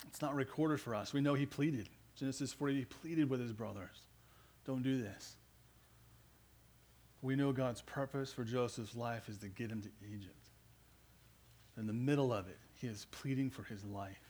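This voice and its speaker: A man's voice: medium pitch, brisk, darkish tone. Earnest man preaching a sermon. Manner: earnest, rising to emphatic. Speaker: pastor.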